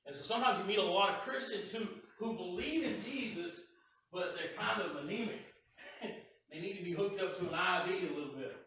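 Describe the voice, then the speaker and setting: A man's voice: sits high, fairly quick, bright, forceful tone, slight background noise. A male pastor preaching a sermon in a folksy, conversational way, often repeating words. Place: church sanctuary. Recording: echoey church heard from a distance.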